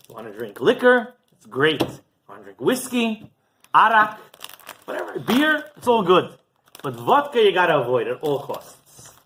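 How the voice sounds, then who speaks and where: A man's voice: fairly high pitch, very animated, moderate pace, sharp tone, slight background noise. A man voicing the ghost of a carefree drunk who tells his friends about heaven in a chatty, defensive way. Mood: casual.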